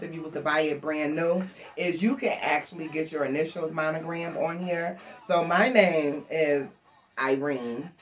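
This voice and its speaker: An older woman from Buffalo, New York, chatting to camera alone at home and talking straight to her viewers. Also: low-pitched. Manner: chatty, animated, addresses viewers directly. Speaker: thrift haul vlogger. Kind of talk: casual chat to camera.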